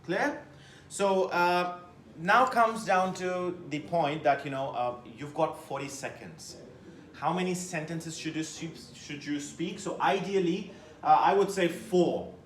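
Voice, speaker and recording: A man teaching a test-prep class, lecturing with lively emphasis and putting questions to his students. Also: a little high, unhurried, echoey room, a little hiss or hum.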